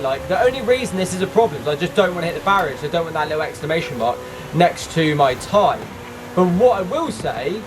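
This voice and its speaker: A man commentates his own racing game run in a high, bouncy voice that swings all over the place. He is excitable and easily frustrated, and his rough, noisy mic picks up the whine of game engines behind him. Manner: excitable, bursts into frustrated shouts. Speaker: gaming YouTuber.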